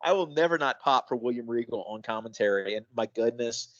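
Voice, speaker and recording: A man's voice: medium pitch, expressive, a little fast, muffled recording. A man co-hosting a casual wrestling recap podcast, easygoing and enthusiastic in his takes. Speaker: podcast co-host.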